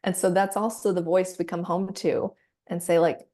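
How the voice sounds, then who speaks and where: A woman practitioner guiding a client through a somatic coaching session, gentle and encouraging. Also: lowish voice, little pitch movement, normal speed. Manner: gentle, encouraging, acts out inner voices.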